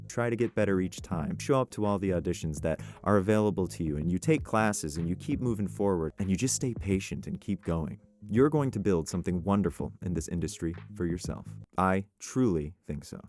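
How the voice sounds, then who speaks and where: A man with a slightly low voice talks through voiceover career advice in a casual, upbeat vlog. His delivery is encouraging and conversational. Soft music plays faintly behind him. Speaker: voice actor giving tips.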